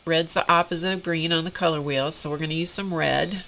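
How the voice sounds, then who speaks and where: A woman hosting a live drawing stream, teary and congested, talking in a halting, emotional way with sighs and pauses. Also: fairly low pitch, very noisy. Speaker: host of an art live stream.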